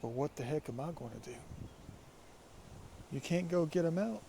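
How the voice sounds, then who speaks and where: A man with a raspy, allergy-stuffed voice, musing and rambling in a casual vlog by a creek. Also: fairly high pitch, animated, normal speed, mellow, slight background noise. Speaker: vlogger. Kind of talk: casual walking vlog monologue. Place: outdoors by a creek.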